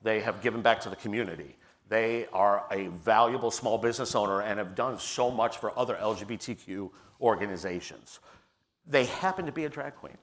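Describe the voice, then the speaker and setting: A middle-aged man speaking on a panel in an earnest, personal storytelling manner, with a low voice. He often restarts his phrases as he talks. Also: a little fast, a bit bright. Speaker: panelist, theater leader. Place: stage at a public forum.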